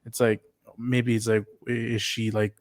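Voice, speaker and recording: A man's voice: medium pitch, little pitch movement, no echo, clean studio sound. A man co-hosting a podcast, chatting casually and often repeating words as he searches for his point. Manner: halting, repeats words while searching for thoughts. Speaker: podcast co-host. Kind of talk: casual review chat.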